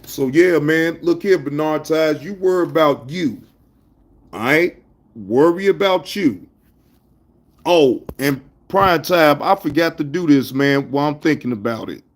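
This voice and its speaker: Animated livestream host man, higher voice. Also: measured pace. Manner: animated, scolding chat viewers, laid-back slang. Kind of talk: casual livestream chat.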